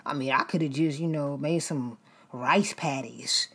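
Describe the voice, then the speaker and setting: A woman voicing an ungrateful woman who whines and complains about a gift, in a loud, exasperated, husky voice. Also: low voice, a little slow, full character voice. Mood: whiny.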